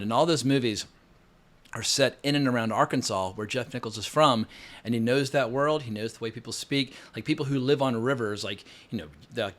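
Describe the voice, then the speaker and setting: A man giving a casual, opinionated film review, blunt and quick to swear. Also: mid-range voice, a bit bright. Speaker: film critic.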